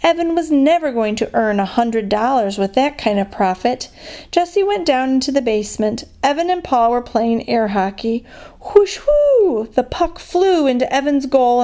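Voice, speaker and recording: Female guest reader for a kids' chapter book; fairly high, expressive storytelling voice. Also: normal speed. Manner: expressive, lifts her voice for the characters' lines. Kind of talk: reading a children's chapter book aloud.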